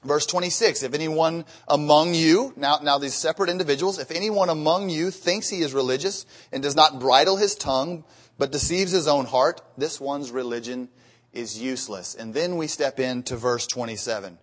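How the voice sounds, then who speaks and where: Male preacher, earnest sermon delivery that climbs to emphatic peaks, slightly high-pitched. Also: normal speed. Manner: earnest, rising to emphatic peaks, with repeated words.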